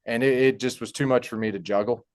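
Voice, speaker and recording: A young man telling a personal story in a halting, heartfelt way, with many fillers and restarts. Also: mid-range voice, steady tone, darkish tone. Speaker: podcast guest. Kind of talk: personal story in casual conversation.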